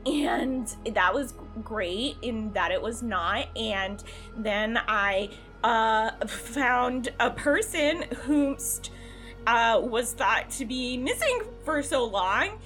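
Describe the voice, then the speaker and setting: A woman's voice: on the high side, expressive, slow, fairly bright tone, soft background music. Rambling young woman telling a story. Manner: rambling, hesitant, many fillers and restarts. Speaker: player character. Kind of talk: in-character tabletop role-play.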